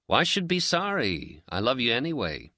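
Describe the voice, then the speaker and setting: Guy doing a wry teasing pipe-smoking pal, bit higher, bouncy, dry studio sound. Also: huge pitch swings, moderate pace, sharp tone, dry recording, heavily acted. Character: calm wry male friend, a pipe-smoking Zen companion. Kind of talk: audiobook character dialogue.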